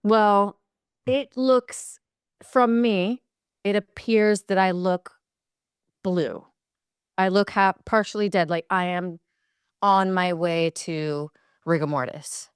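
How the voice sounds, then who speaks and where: A woman's voice: mid-range voice, slow pace, long pauses, smooth, dry recording, studio quality. A middle-aged woman from the United States, a podcast guest chatting playfully and mocking herself. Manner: playful, laughs often, self-mocking. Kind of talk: casual podcast chat.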